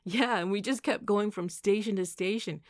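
A woman's voice: medium pitch, moderate pace, no echo, studio quality, pitched above the performer's own voice, natural voice. A woman reading the part of a playful, teasing young man in an audiobook, speaking grandly and boisterously.

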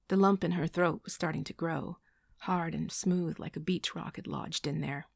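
Woman audiobook narrator, husky and gravelly, dry close sound. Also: on the low side, dry recording. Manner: even, measured storytelling. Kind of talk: scripted narration.

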